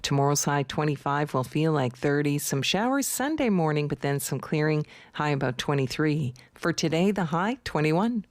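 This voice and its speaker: A female meteorologist reading a radio weather forecast in clipped, steady phrases. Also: deep voice, normal speed, hardly any pauses, dry recording.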